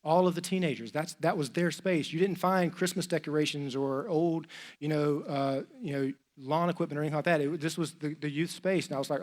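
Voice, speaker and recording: Chatty storytelling pastor, man, higher voice. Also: a little fast. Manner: lively, chatty, acts out dialogue with many "like"s. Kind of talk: storytelling sermon. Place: church stage.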